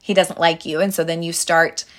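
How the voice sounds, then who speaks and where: A woman's voice: fairly low pitch, level tone, moderate pace. Young woman on a podcast, chatty and earnest, talks straight to her listeners, lots of ums and restarts. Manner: chatty storytelling with many fillers and restarts; earnest, addresses listeners directly as girls. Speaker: dating advice podcast host. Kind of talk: casual advice monologue.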